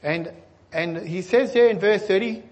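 Guy preaching, pretty high voice for a man, keeps asking the crowd questions, gets excited then goes quiet. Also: measured pace, highs cut off. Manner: earnest, asks the listeners rhetorical questions. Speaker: pastor. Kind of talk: sermon.

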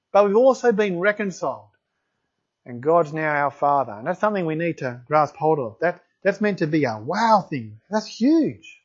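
Aussie guy preaching, high voice, reads bible verses and gets excited, dull lo-fi sound. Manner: enthusiastic, exclaims in wonder. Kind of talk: sermon with scripture reading. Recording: dull lo-fi recording.

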